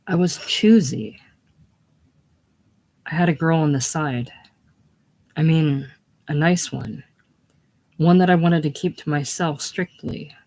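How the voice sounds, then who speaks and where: Brash defensive young guy bragging to his old buddy, read plainly by one reader, slow delivery, casual play reading. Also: mid-range voice, a little mellow. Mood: blustering. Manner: defensive, blustering. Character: boastful brash young male war buddy.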